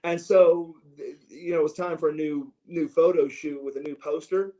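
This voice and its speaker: A middle-aged man telling stories from his youth in a casual interview, animated and prone to restarts as he acts out what others said. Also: fairly high pitch, normal speed, poor audio. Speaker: interview guest. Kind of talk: casual storytelling.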